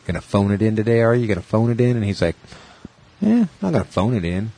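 Husky man telling rambling stories. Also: lowish voice, lively intonation, fast talker, warm tone. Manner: rambling storyteller, swears, acts out quotes. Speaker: podcast co-host. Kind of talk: casual podcast chat.

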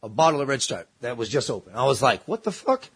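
A man telling a story in casual chat, animated and swearing, acting out voices. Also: medium pitch, fast, breathy edge. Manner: animated, swearing, acts out voices in his stories.

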